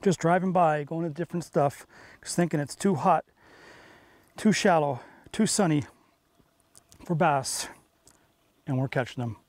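A man hosting a fishing show from a boat on a lake, talking in punchy, excitable, salesy bursts. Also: a little high, unhurried, long pauses. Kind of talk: on-the-water fishing commentary.

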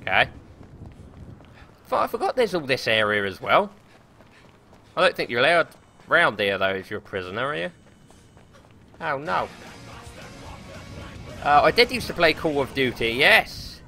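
A young man streaming a game live, commentating excitably with frequent swearing and laughter into a desk or headset microphone. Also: mid-range voice, a little slow, long pauses, soft background music. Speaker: gaming streamer.

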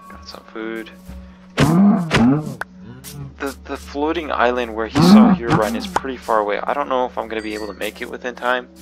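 A man's voice: medium pitch, normal speed, long pauses, over music. A man giving spooked gameplay commentary, jumpy and nervous, often repeating himself. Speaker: gaming video creator. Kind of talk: horror game commentary.

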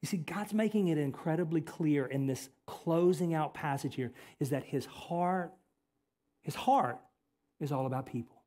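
A male pastor preaching a sermon, swinging between loud emphatic lines and quiet, intimate appeals. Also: on the high side, moderate pace. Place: church sanctuary.

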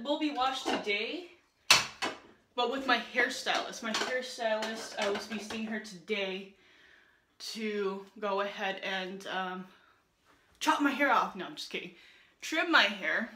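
A woman's voice: a little high, bright, forceful tone, slight background noise. A young woman chatting casually to her viewers while she does chores, a bit out of breath. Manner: chatty, self-deprecating, addresses viewers directly. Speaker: vlogger. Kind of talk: casual vlog chat. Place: at home, then in a car. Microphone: phone camera on a selfie stick.

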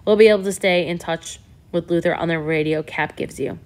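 A woman's voice: fairly low pitch, fairly quick, darkish tone, natural voice. A woman reading a commanding man giving orders. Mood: urgent. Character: commanding male ship leader, urgent.

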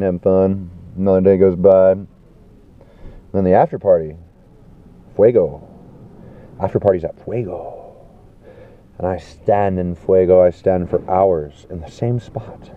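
A man telling a rambling festival story, animated and swearing, acting out the people he quotes. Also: low-pitched, a little slow, pauses often. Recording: tinny phone-like sound.

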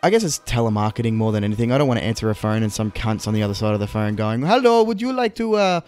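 A man's voice: fairly low pitch, fairly even intonation, very fast, a little mellow. Rambling, swearing young man. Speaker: let's play co-host. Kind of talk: casual gaming chat.

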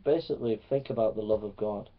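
A man's voice: lowish voice, fast. Earnest man preaching, lo-fi recording. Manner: earnest, repetitive, swinging from loud to hushed. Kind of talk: sermon to preachers. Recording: dull lo-fi recording.

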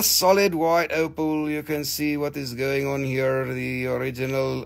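A man's voice: medium pitch, fairly even intonation, measured pace, gravelly, few pauses. A man hosting a live gem sale show, chatty and joking, swearing casually, with phrasing. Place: gem shop studio.

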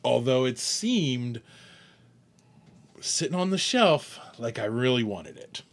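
A man's voice: mid-range voice, very animated, takes it slowly, slight background noise. Chatty man tasting beer on a podcast. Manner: rambling, chuckling, self-correcting. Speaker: podcast co-host. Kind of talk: casual chat tasting beer.

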